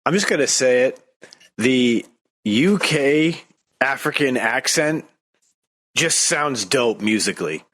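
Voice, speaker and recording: A man's voice: medium pitch, animated, slow, pauses often, fairly bright tone. A man co-hosting a podcast in casual chat, enthusiastic and drifting into side stories. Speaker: podcast co-host.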